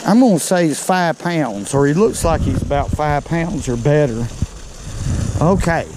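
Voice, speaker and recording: An older man, a fishing vlogger, chats folksily to viewers while fishing on a creek bank outdoors, a bit out of breath, on a body-worn camera for a casual outdoor vlog. His voice is fairly high with lively intonation and a little slow, with background noise.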